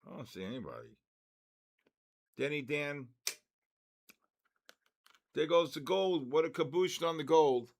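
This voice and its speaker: An older man hosting a trading livestream, cheerfully calling out raffle winners in a drawn-out announcer way. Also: fairly high pitch, expressive. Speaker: trading stream host.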